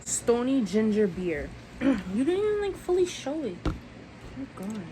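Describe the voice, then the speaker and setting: A woman's voice: fairly high pitch, big pitch swings, measured pace. A young woman vlogger in casual chat, telling stories with playful teasing. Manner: storytelling with laughs, playful teasing. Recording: faint background noise.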